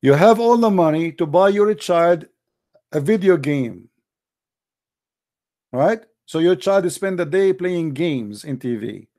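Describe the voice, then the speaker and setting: A man's voice: fairly high pitch, expressive, slow pace, pauses often, mellow. Earnest man, urgent non-native English. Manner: repeats words when searching for them. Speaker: online commentator. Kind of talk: direct-to-camera monologue.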